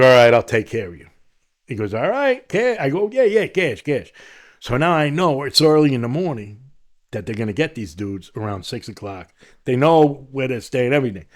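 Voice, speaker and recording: A middle-aged man from Long Island with a New York accent, telling his story as a podcast guest and acting out the voices of the people in it. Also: mid-range voice. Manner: animated, acts out quoted voices in his story. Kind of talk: storytelling in an interview.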